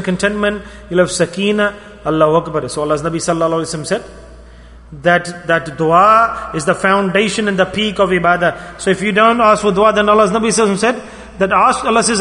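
Bright-voiced male preacher in echoing hall. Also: sits high. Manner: storytelling, emphatic, rising and falling. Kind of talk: sermon. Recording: long hall reverb.

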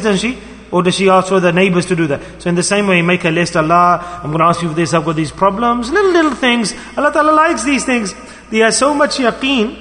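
Male preacher, high and bright, emphatic storyteller, hall reverb. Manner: storytelling, emphatic, rising and falling. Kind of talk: sermon.

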